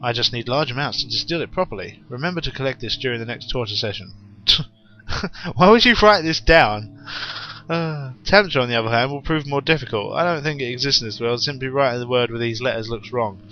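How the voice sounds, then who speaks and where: A man's voice: medium pitch, fast, hardly any pauses, dull audio. A young man playing a horror game, reading the in-game notes aloud and adding wry, rambling asides. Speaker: let's play gamer.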